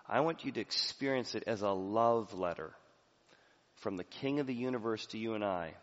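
A male pastor preaching a sermon in a church, swinging from soft, low passages to loud, emphatic ones. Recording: reverberant hall, slightly dull sound.

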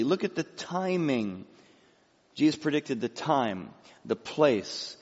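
Lively, dramatic male preacher. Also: fairly high pitch, big-room sound, dull audio. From Illinois, USA. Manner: dramatic storytelling, lively voice work. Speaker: pastor. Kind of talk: expository sermon.

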